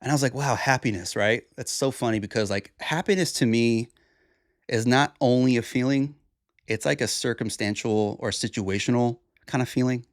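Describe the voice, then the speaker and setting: A man's voice: mid-range voice, normal speed, no room sound, clean studio sound. Tired, rambling man podcasting solo. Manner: rambling, reflective, with restarts. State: tired, groggy. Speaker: podcast host. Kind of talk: casual solo podcast monologue.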